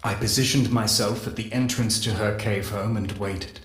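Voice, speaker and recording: A man playing a solemn male scientist who records a measured, reflective confession in a game audio log. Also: fairly low pitch, fairly even intonation, reverberant, lightly acted. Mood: grave. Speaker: morphology specialist.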